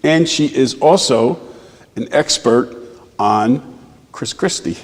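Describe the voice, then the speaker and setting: A man's voice: mid-range voice, lively intonation, slow, a little hiss or hum. A man, a deputy mayor, reading a proclamation at a ceremony with wry joking asides. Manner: wry, joking asides between formal lines. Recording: roomy hall with long reverb.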